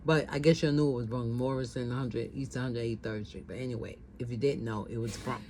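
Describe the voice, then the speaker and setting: A middle-aged woman with a rumbling low voice tells a personal story at a brisk clip, her intonation fairly even against a noisy background. She keeps it casual and conversational, repeating phrases and acting out what people said.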